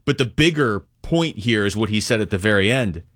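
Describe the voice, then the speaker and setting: A man's voice: on the low side, lively intonation, fairly quick, fairly bright tone. A man hosting a sports radio show, talking in an emphatic, conversational way.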